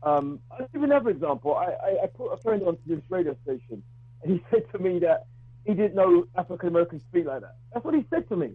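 A man phones in to a talk radio show, thin and tinny as a phone line makes him, with a dry sound close to the receiver. His voice sits high for a man and has a husky edge. He talks bluntly but haltingly, often repeating and restarting words as he makes his point. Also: big pitch swings, no room sound. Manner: outspoken, argues his view. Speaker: radio call-in caller. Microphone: telephone.

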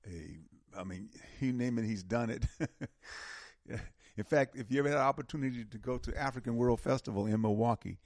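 Radio host, man, gravelly voice, dry close sound, easygoing and laughing. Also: medium pitch, moderate pace, a little mellow, dry recording. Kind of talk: call-in radio talk.

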